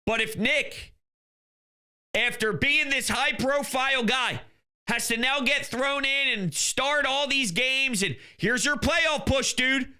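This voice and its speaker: A young man with a very high, piercing, tense voice hosts a sports talk show. He rants in heated, exasperated bursts and often breaks into shouting. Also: slow, clean tone. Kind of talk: ranting sports commentary.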